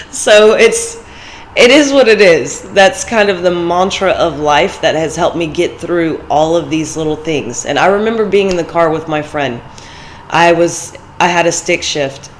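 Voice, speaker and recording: A woman's voice: lowish voice, expressive, measured pace, a little hiss or hum, low-quality recording. A woman hosting a vlog, talking casually and motivationally, telling stories and laughing often. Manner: chatty storytelling, laughs often. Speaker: vlog host.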